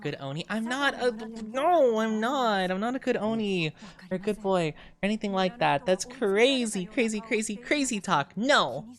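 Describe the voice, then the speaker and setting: A man's voice: high voice, lively intonation, normal speed. A young man streaming a game, chatting with his viewers and playfully denying their teasing. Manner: playfully defensive, teasing denials to chat.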